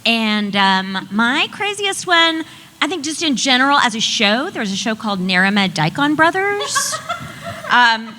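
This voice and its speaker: High, lively woman on a noisy mic. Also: measured pace. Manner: lively, laughing, playful. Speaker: voice actor panelist. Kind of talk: casual panel chat. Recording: noisy convention hall mic.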